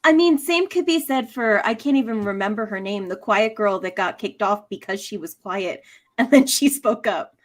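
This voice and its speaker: A woman's voice: mid-range voice, moderate pace. A woman co-hosting a casual podcast chat, reasoning aloud and laughing easily. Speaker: podcast co-host.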